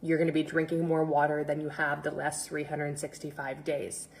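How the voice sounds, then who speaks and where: A middle-aged woman fitness coach making an energetic, pushy sales pitch on a live stream, repeating instructions and calling out viewers by name. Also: moderate pace.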